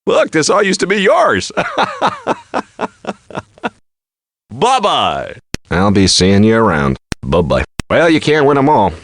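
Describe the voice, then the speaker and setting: A man's voice: low-pitched, slight background noise. An actor playing a brash, joking male poker player in a card game, gloating and laughing between quips. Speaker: game character. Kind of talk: game voice clips.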